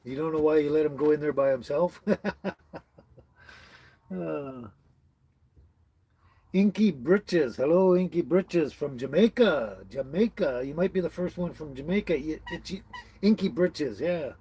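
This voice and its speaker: A man reads viewer comments on a laid-back livestream from his tiny house on wheels, greeting people, chuckling often and stumbling over names. His fairly high voice is expressive, dark in tone and breathy at the edges, and he speaks unhurriedly with long pauses. The recording is dry.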